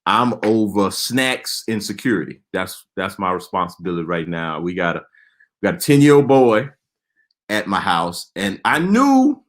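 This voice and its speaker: A man's voice: fairly low pitch, big pitch swings, normal speed. A man doing stand-up comedy, telling stories in an exasperated, punchy way with lots of repeated phrases.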